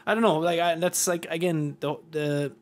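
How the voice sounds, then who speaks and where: Guy hosting a podcast, kinda high voice, rambly, swears a lot, animated. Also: moderate pace. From Ireland. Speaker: podcast host. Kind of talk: casual chat.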